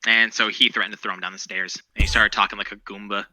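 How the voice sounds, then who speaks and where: A man's voice: lowish voice, flat delivery, fast talker, sharp tone, no echo, rough recording. A man co-hosting a podcast, chatting casually about current events in a rambling, profane, opinionated way. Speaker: podcast co-host.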